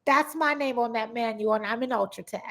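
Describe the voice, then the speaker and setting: Slightly high-voiced and a little fast, this woman hosts a podcast and hails from Compton, Los Angeles. In a casual interview, she tells animated stories and performs the quoted voices.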